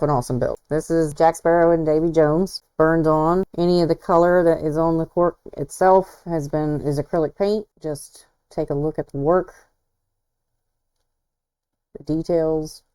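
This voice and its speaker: A woman's voice: low voice, warm tone, rough recording. A woman hosting a casual livestream, chatting in an admiring, self-deprecating way as she walks through viewers' work. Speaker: host.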